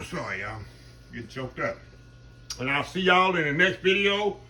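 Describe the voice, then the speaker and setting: A man's voice: sits high, animated, moderate pace, bright, forceful tone, slight background noise. A man hosting his home cooking vlog, chatting folksy and humming as he tastes the food. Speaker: cooking channel host.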